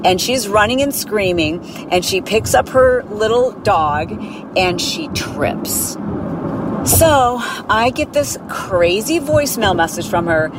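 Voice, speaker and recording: A woman podcast host telling a story in a casual, animated way, acting out voices from it. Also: medium pitch, a little slow. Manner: animated, acts out voices in her stories. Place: in a car. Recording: clear road noise behind.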